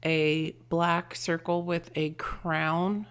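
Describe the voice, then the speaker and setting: A woman giving an intuitive tarot and charm reading, gentle and affectionate, often trailing off into soft murmurs. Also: on the low side, little pitch movement, very slow, smooth. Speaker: tarot reader and channeler.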